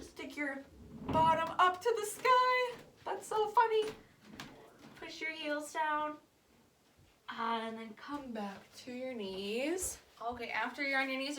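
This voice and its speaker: Young woman teaching kids yoga, bright voice, a bit high, playful and upbeat, faint room hiss. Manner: playful, encouraging, speaks simply to children. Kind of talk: guided kids' yoga lesson.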